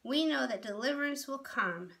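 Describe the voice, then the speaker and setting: A woman's voice: high-pitched, animated, moderate pace, vocal fry, fairly bright tone, pitched above the performer's own voice, full character voice. A woman voicing a hopeful young girl who protests earnestly, in a read-aloud storybook.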